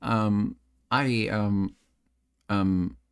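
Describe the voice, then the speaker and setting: A man's voice: lowish voice, steady tone, very slow, smooth. Tipsy nasal-voiced man streaming. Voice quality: slight lisp. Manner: rambling, self-deprecating, chatty with viewers. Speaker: streamer and voice actor. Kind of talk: casual live-stream chat. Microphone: close desk microphone.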